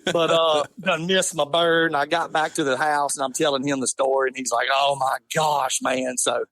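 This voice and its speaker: A man, telling an animated, laughing hunting story in casual talk. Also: a little high, brisk, no echo. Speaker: podcast guest.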